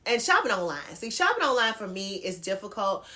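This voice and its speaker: A woman's voice: mid-range voice, sing-song, a little fast, bright, forceful tone. A middle-aged woman chatting casually through a clothing try-on haul, calling her viewers girl and y'all. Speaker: fashion vlogger. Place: home bedroom near a closet.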